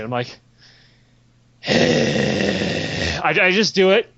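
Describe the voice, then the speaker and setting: A young man spins a rambling, profanity-laced story with loose giggles, his voice sitting a bit high for a man. The audio is dull and lo-fi. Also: wildly swooping pitch, slow pace, gravelly, pauses often, fairly bright tone. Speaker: podcast host. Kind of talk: casual storytelling chat.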